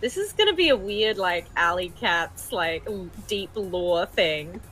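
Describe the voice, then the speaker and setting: A woman at a tabletop game table, describing her character's moves and chatting with the group. She speaks slowly in a bright, forward voice and breaks into laughter easily. Faint music plays behind her. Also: medium pitch, expressive, low-quality recording. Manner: unhurried, giggly table talk. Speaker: player.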